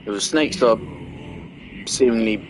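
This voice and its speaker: A man's voice: mid-range voice, takes it slowly, noisy background. A young man giving angry gameplay commentary, ranting and swearing heavily. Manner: furious ranting, heavy swearing. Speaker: gaming video creator.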